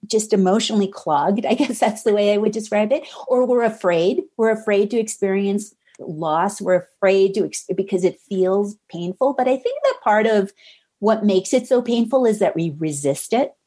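A middle-aged woman author speaking as a podcast guest, earnest and gently reassuring. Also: medium pitch, normal speed, husky. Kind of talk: podcast interview conversation.

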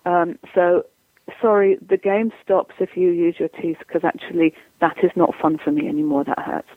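A woman's voice: fairly low pitch, normal speed, no echo. A woman dog trainer giving advice in an interview, chatty and explanatory, acting out what owners and dogs say. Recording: tinny dry phone line.

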